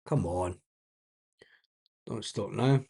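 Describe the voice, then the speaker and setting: A man's voice: on the low side, very slow, vocal fry, dark tone, slightly rough. A man giving blunt, exasperated live match commentary as a watch-along host, swearing freely and laughing often.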